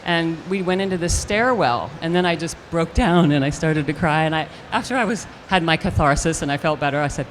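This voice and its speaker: An older woman, an actress, telling a lively anecdote in an interview, acting out the quotes as she goes. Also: sits low, brisk, few pauses, slight background noise. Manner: animated storyteller acting out quotes with restarts. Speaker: actress guest.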